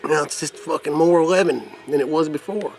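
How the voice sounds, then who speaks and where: A man's voice: a little high, fairly quick, a little mellow, faint music behind. A man reviewing vape mods in a rambling, profane vlog, putting on a crude redneck persona. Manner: put-on rough redneck persona. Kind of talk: casual product demo vlog.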